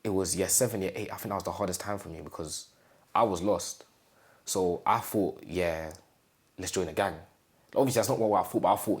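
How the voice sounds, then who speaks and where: A young man from England in an interview, telling his own story in a casual, halting way and often acting out what his family said. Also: deep voice. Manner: halting, repeats phrases, acts out quoted family speech.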